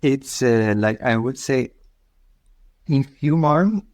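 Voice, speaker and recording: A man's voice: mid-range voice, expressive, slow pace, dry recording. A man learning English, hesitant and searching for words in a conversation lesson. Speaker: English student.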